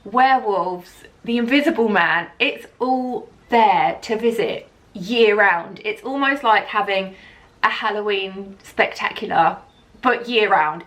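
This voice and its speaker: A woman chats straight to camera in a travel vlog. Her delivery is gushing and excitable, tumbling into repeated superlatives as her enthusiasm builds. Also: mid-range voice. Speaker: vlogger.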